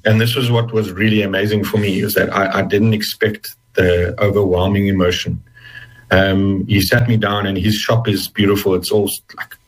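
A middle-aged man with a very deep, husky voice recounts a personal story as an interview guest. He speaks haltingly and with feeling, often restarting his sentences. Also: poor audio. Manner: halting, emotional, many restarts.

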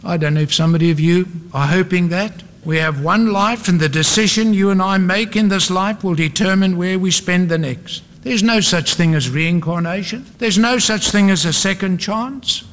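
Man preaching a sermon, pretty high voice, keeps repeating lines for punch, long hall echo. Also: moderate pace, hardly any pauses, fairly bright tone. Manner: emphatic, repetitive, building refrains. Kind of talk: evangelistic sermon.

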